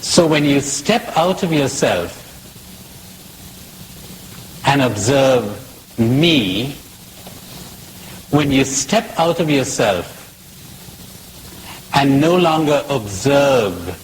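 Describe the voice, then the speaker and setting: A man's voice: medium pitch, lively intonation, extremely slow, long pauses, slight background noise, poor audio. A man giving a spiritual talk in a playful, questioning way, mixing jokes with reflection. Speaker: spiritual speaker.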